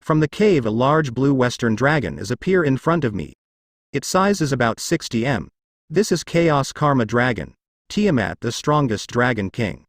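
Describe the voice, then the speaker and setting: A man's voice: medium pitch, lively intonation, normal speed, no room sound, clean studio sound. A man reading a fan story aloud, narrating as its cocky hero. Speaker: reader.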